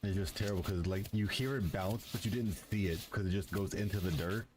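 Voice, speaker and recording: A man's voice: deep voice, fairly quick. A young man chatting during a multiplayer game, talking bluntly with plenty of swearing. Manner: blunt, profane, dry. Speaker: gamer co-host. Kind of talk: casual gaming chat. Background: gunfire and game noise.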